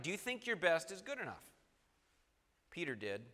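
Guy preaching a sermon, kinda high bright voice, goes loud then real quiet, long hall echo. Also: big pitch swings, moderate pace, vocal fry. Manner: reads scripture aloud, swings from loud to soft.

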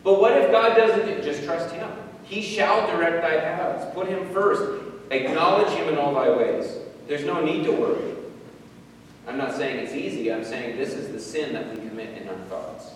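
A man preaching a sermon, emphatic, rising to forceful peaks and then dropping low. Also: moderate pace. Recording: echoey hall from far off, faint noise.

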